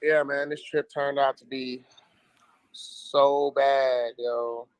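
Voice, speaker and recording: A hoarse young man from Gary, Indiana talks into his livestream in a flat, weary drone, his voice worn out from yelling and sickness. He pleads with viewers in a low, tired tone that hardly rises or falls. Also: slow, no room sound, rough recording. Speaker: livestreamer asking viewers for money. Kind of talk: casual livestream talk.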